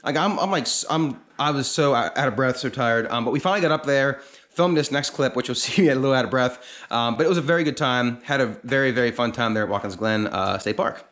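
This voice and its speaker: A man's voice: mid-range voice, quick pace, fairly bright tone. A man chatting casually to camera as a vlog host, rambling with lots of fillers. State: out of breath. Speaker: channel host. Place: outdoors on top of a gorge.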